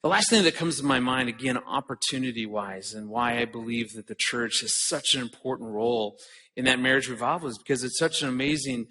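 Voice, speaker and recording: A middle-aged man addresses a conference audience in an earnest, personal way, often stumbling over the first words of a thought. His voice has a bright, forward tone. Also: mid-range voice, fairly quick. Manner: earnest, repeats words when starting a thought. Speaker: conference speaker. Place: conference hall stage.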